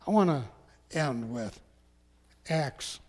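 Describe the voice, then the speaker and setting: A man preaching a sermon as a pastor, slow and emphatic, sometimes dropping to a hush. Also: medium pitch, expressive. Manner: slow, emphatic preaching that drops to hushed tones. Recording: long echoing hall.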